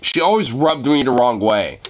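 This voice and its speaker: A man hosting a casual chat, reacting to a news clip with excited, profane rants. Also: mid-range voice, moderate pace.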